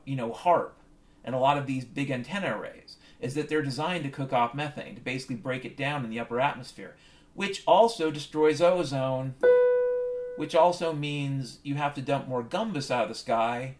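A man rambles through a comic monologue, swearing freely and drifting into conspiracy talk. His voice sits at an ordinary middle pitch, with piano music playing behind him. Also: normal speed.

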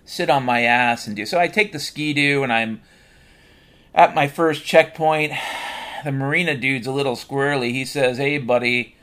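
A man telling a rambling comic story, swearing constantly and tossing in deadpan asides. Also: mid-range voice, normal speed. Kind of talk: comedic rambling monologue.

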